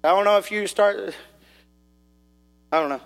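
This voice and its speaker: A man preaching a sermon, telling a folksy story in an animated way that rises into shouts. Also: high-pitched, normal speed, creaky. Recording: echoey hall reverb.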